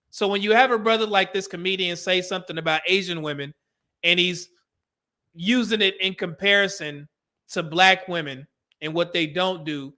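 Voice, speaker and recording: High-voiced, bright man giving blunt commentary. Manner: blunt, emphatic, preachy. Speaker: show host. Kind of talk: opinionated commentary.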